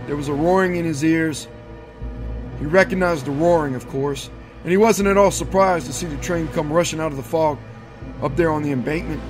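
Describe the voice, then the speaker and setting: A man reads a horror story aloud, measured and steady. His voice sits a bit high for a man. Quiet music plays faintly behind the narration. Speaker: audiobook narrator.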